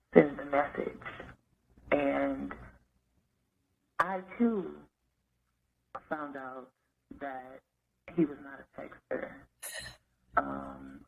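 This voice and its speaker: A man's voice: fairly high pitch, gravelly, slight background noise. A man leaving a rambling voicemail in a groggy morning voice, thinking aloud with lots of fillers. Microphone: phone. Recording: tinny phone line voicemail.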